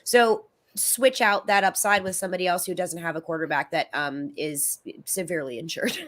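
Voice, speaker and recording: A woman guest on a live fantasy football stream, chatting casually and acting out quotes in a self-deprecating, animated way. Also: fairly low pitch, normal speed.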